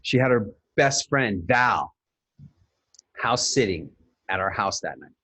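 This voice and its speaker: A man's voice: lowish voice, lively intonation, slow, sharp tone. A middle-aged man hosting a webinar, telling a candid, rambling personal story and correcting himself as he goes. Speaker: webinar host.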